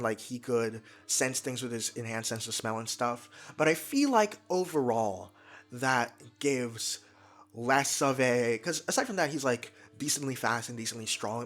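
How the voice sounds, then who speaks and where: A young man giving excited, casual commentary, talking fast and tripping over his words in his eagerness. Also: medium pitch. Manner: energetic, fast, stumbles and restarts when excited. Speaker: YouTube commentator.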